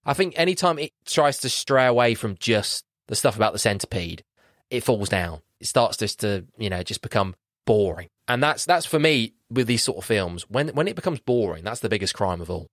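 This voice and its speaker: A man's voice: fairly low pitch, normal speed, dry recording, clean studio sound. A man hosting a podcast, chatting casually about a film and acting out his reactions. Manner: animated, swears casually, acts out his reactions. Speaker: podcast host. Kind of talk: casual film review chat.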